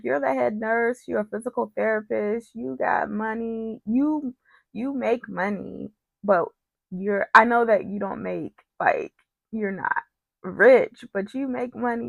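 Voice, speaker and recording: A woman's voice: on the high side, unhurried, vocal fry, dry recording. A woman casually recapping a soap opera, chatty and opinionated, with frequent digressions.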